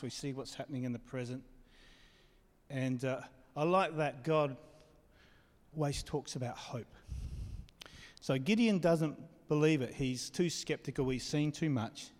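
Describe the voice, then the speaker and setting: A man's voice: mid-range voice, darkish tone, long reverb tail. A man preaching a sermon as pastor, talking conversationally and asking the congregation questions.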